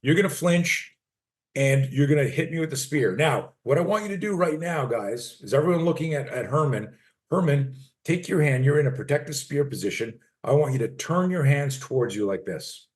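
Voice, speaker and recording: A man's voice: a little high, animated, normal speed. A man in his sixties, a personal defense coach, talks bluntly and emphatically in an interview, acting out short role-play scenes as he teaches. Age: 60s. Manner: blunt, emphatic, swears freely.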